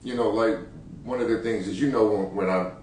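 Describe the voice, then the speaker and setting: A relaxed man co-hosts a frank talk show, speaking casually with slang and easy laughter in a lowish voice. He sits far from the mic in a very echoey room with faint background noise. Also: fairly quick. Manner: relaxed, laid-back slang, laughs easily. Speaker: podcast co-host. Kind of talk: candid couple's chat.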